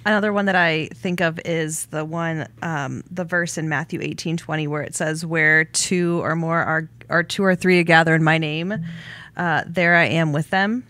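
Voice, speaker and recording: A woman co-hosting a church podcast, speaking in a measured, thoughtful way. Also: low-pitched, steady tone, fairly bright tone, no room sound. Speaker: podcast co-host. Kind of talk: casual church podcast chat.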